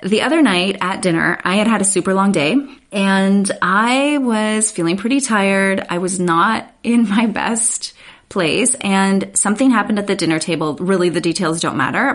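A woman in her thirties hosting a podcast. She gives family communication tips in an earnest, encouraging way and often checks in with a "right?". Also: medium pitch. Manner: earnest, encouraging, speaks straight to listeners with frequent "right?". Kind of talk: warm advice podcast talk.

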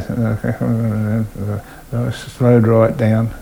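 A man's voice: mid-range voice, takes it slowly, creaky, low-quality recording. Older Australian man spinning yarns. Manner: animated yarn-spinner, voices people in his stories. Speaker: retired train driver. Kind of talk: oral history interview storytelling.

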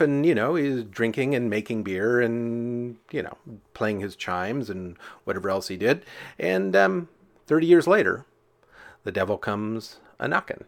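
A man's voice: fairly low pitch, lively intonation, unhurried, creaky. A man casually telling folk tales, chatty and full of fillers, acting out sound effects as he goes. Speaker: storyteller.

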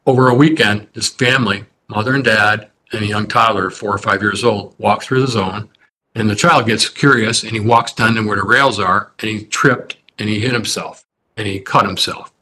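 A man, a construction company president, telling stories in a measured, earnest way during a podcast interview. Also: fairly low pitch, fairly even intonation, bright, forceful tone, slight background noise. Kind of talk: anecdotal storytelling in a podcast interview.

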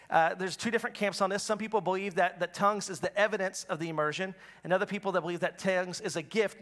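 A man's voice: high-pitched, pushed and bright. A man preaching a sermon as pastor, talking in a conversational, storytelling way with frequent restarts.

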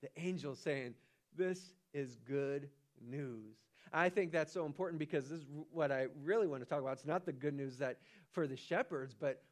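A man preaching a sermon as pastor, animated, often restarting and repeating his words. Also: a little high. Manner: animated, acts out the angel's lines with rising excitement.

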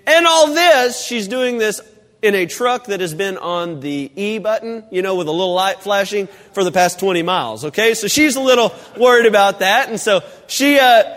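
A man preaching in a church, telling a humorous story with lively, animated delivery. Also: high voice. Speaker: pastor. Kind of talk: sermon. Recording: long hall reverb.

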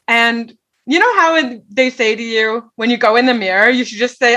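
A woman's voice: a little high, brisk, pushed and bright. A middle-aged woman telling a personal story in an earnest way, often checking in with "right?". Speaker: guest.

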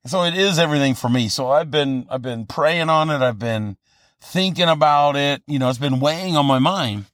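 A man in his fifties talks through a personal story as a podcast host, earnest and meandering, often restarting his sentences. His voice sits a little high for a man. The sound is dry, with no room echo. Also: normal speed, a bit bright. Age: 50s. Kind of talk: casual motivational monologue.

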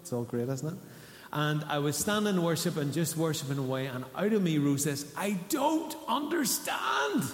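In an echoey church hall, a male pastor delivers a conversational sermon and puts questions to his congregation. His voice is slightly high and his delivery a little quick.

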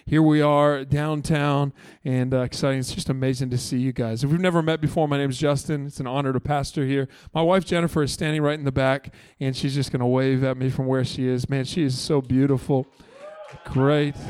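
A man's voice: a little high, a little mellow, smooth, no room sound. A man preaching a church sermon as pastor, earnest and emphatic, with chatty asides to the congregation. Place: church service.

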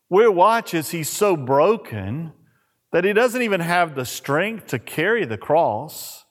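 A male pastor preaching in a measured, unhurried way, his voice pitched a little high. He tells the story dramatically and drops to a hush at the solemn moments. Long reverb from the church hall trails each phrase. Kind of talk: sermon.

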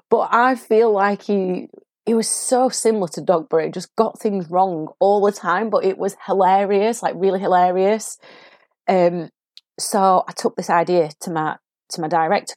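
A woman with a Sheffield accent talks through a story in a casual podcast style, quick to laugh and animated. Her voice sits a little low. The recording is close and dry, with no room sound. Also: no echo. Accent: Sheffield English. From England. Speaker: acting coach podcast host. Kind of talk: casual solo podcast talk.

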